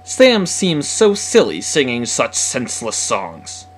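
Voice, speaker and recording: A man voicing a stern, angry old shoemaker father who scolds loudly. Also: mid-range voice, huge pitch swings, slow, slightly rough, soft background music, exaggerated voice. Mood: furious. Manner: loud scolding shouts.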